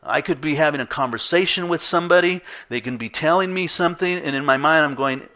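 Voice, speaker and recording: A pastor preaching a conversational sermon, asking rhetorical questions and repeating points for emphasis. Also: male voice, fairly high pitch, normal speed, pushed and bright.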